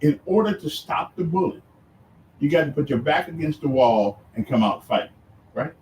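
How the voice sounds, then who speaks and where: A man argues on air with animated, rising and falling pitch, halting and repeating words as he presses his guest. He sits back from the mic in an echoey room. A faint hum of ambience sits underneath. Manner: animated, halting and repetitive, challenging. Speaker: radio host. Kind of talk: radio debate. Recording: roomy distant sound with faint ambience.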